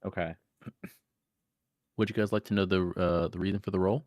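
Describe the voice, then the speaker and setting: A man's voice: low voice, fairly even intonation, a little mellow, no echo, studio quality. A man running a tabletop game as game master, chatting playfully with his players before the session and drawing out his punchlines. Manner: playful, jokey, drawn-out emphasis. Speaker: dungeon master. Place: home setup for an online stream.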